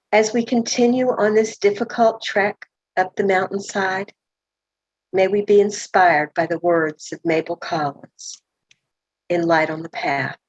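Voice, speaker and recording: Slow, measured Southern woman presenter. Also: on the low side, poor audio. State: slight cough. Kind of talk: reading a prepared talk aloud.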